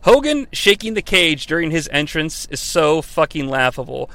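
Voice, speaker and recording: A man's voice: on the high side, sing-song, normal speed, sharp tone, no echo. An American man hosting a comedic wrestling review show, rambling and profane, with a mock-formal tone. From United States.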